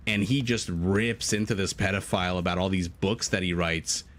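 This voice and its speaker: Low-voiced man casting a strategy game. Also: steady tone, normal speed, fairly bright tone, slight background noise. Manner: chatty, rambles into tangents, laughs often. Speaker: game caster. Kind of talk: live esports commentary.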